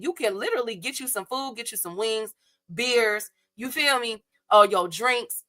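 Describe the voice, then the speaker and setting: Young woman on a livestream ranting about boxing, blunt and slangy, bright voice. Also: on the high side. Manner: animated, talks straight to her chat viewers, blunt and slangy. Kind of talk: casual livestream rant.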